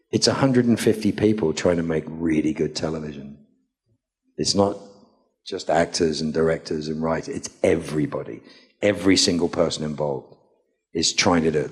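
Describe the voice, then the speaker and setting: Low-voiced man telling playful panel stories. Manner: animated, playful, acts out quotes with big pitch jumps. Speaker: actor on a convention panel. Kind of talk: anecdotal storytelling to a live audience.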